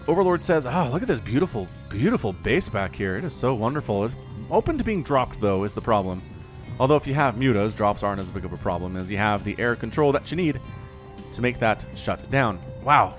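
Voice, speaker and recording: A man casting a strategy game replay in a chatty, jokey way that wanders into asides. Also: mid-range voice. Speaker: game caster. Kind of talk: casual video game replay commentary.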